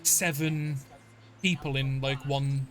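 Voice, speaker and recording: A man's voice: medium pitch, fairly even intonation, takes it slowly. A man narrating as dungeon master in a tabletop game, rambling with many fillers and restarts. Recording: faint background noise.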